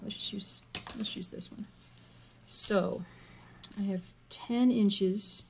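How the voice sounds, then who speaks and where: A woman's voice: mid-range voice, steady tone, slow pace, slight background noise. A woman vlogging casually as she cross stitches, rambling and thinking aloud, humming and muttering to herself. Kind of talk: casual chat while stitching.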